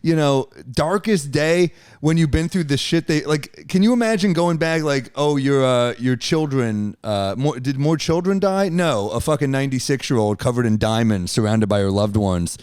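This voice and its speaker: A man's voice: mid-range voice, animated, normal speed, few pauses, darkish tone, smooth, dry recording, studio quality. A man, a comedian guest on a podcast, riffing sarcastically and swearing in casual chat.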